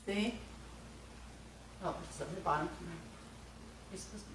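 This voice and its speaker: A woman unboxing an instrument in a casual vlog, gushing and excitable, laughing often. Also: lowish voice, unhurried. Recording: roomy, mic at a distance, background noise.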